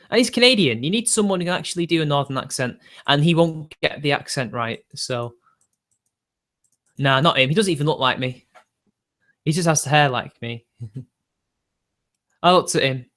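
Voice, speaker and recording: This male streamer has a high-ish, slightly bright voice with lively intonation, normal speed, and frequent pauses. Chatting casually on a livestream, he answers viewers' questions in a rambling, opinionated style and laughs a lot between remarks.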